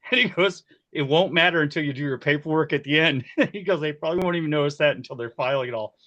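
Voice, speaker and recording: A man in his forties, a key grip, telling set stories in a casual interview, animated and quick to laugh. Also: on the high side, dull audio. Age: 40s. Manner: animated, laughs often, acts out quoted voices. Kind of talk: casual storytelling.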